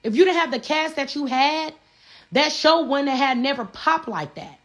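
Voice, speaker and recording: A woman's voice: sits high, animated, normal speed. Woman ranting heatedly on a livestream. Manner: profane, blunt, repeats herself. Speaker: reality show cast member livestreaming.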